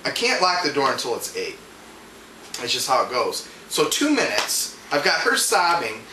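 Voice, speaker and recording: A man's voice: medium pitch, big pitch swings, a little slow, pauses often, bright, forceful tone. A man ranting through a casual anecdote, profane and laughing as he talks. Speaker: storyteller. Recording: echoey room with background noise.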